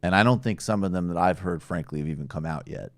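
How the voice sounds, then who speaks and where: A man's voice: low-pitched, quick pace, dry recording. A man hosting a casual political talk show, wry and rambling, with lots of fillers. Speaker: host.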